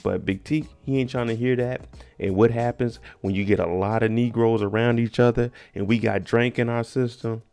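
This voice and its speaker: Male recap vlogger with a gravelly, fry-heavy voice, casual and joking, addressing viewers directly. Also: mid-range voice, steady tone, normal speed, a little mellow, faint music behind. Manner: slangy, joking, talks straight to viewers. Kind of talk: casual show recap commentary.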